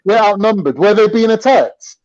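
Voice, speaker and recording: A man's voice: high voice, lively intonation, moderate pace, darkish tone, no room sound. A man arguing insistently in a heated online debate, talking over the others. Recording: dull lo-fi stream audio.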